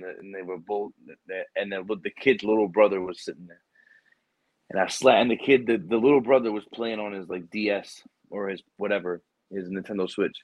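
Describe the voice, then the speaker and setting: Husky-voiced man telling rambling stories. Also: fairly low pitch, no echo. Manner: rambling, animated storytelling with quoted dialogue and swearing. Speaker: military recruiter. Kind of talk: casual chat.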